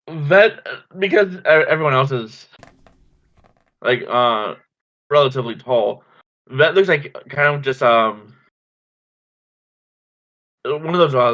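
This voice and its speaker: A man's voice: medium pitch, fairly bright tone, lo-fi sound. A man hesitantly introducing his tabletop game character with lots of fillers.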